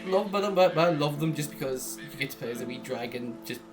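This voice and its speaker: A man's voice: on the high side, expressive, fast talker, music in the background. A young man, rambling and chuckling as a podcast co-host in casual chat, often trailing off.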